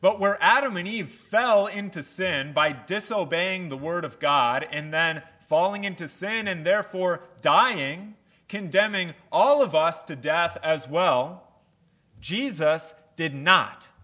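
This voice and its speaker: Male pastor, sermon, slow deliberate delivery, clear bright tone, emphatic. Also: high-pitched. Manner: measured, emphatic preaching.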